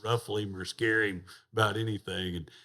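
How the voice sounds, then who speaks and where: A man's voice: on the low side, fairly even intonation, fairly quick, bright, forceful tone. Rowdy storyteller man. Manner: rowdy, profane, laughs through his stories. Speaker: podcast guest, rodeo champion. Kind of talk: casual storytelling.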